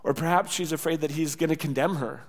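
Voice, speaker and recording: A man preaching a sermon in a casual, conversational way. He acts out quoted lines and drops to a soft voice for tender words. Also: on the high side, fairly even intonation, quick pace. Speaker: pastor. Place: church sanctuary. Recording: church hall with long reverb.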